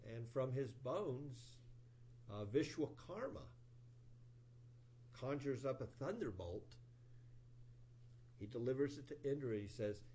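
A man giving a sermon, retelling an old scripture story in an animated storytelling voice with rising emphasis. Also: medium pitch, slow, long pauses, a little hiss or hum. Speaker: preacher.

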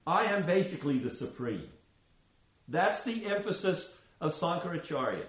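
A man giving a scripture class, explaining in a measured way with frequent restarts. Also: fairly high pitch, big pitch swings, echoey room, rough recording. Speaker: spiritual teacher.

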